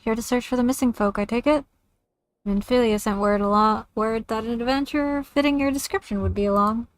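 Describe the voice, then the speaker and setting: A woman voicing an earnest, dutiful male camp leader from a fantasy game, reading his lines in a formal, measured way. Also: fairly high pitch, no echo, lightly acted. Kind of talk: reading game dialogue aloud.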